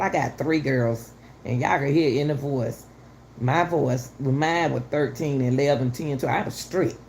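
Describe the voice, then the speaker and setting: A woman's voice: rumbling low, a little mellow, a little hiss or hum. A middle-aged woman giving heated, casual commentary to her viewers, repeating herself for emphasis. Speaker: channel host commenting on a news case.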